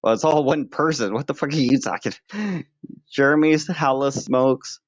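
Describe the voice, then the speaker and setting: A man's voice: medium pitch, moderate pace, no room sound. A man streaming live and chatting with viewers, joking around in a crude, mock-tough way. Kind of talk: casual livestream chat. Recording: dull lo-fi dry sound.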